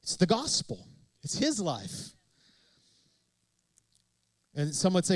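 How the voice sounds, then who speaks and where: A man's voice: sits high, very animated, slow pace, long pauses, dry recording, rough recording. A man preaching a sermon as pastor, emphatic and repetitive, asking rhetorical questions of his congregation.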